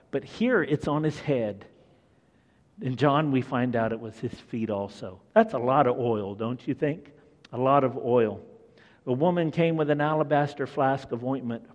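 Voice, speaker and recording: A man's voice: medium pitch, darkish tone. A man preaching a conversational sermon who asks his listeners questions. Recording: long echoing hall reverb.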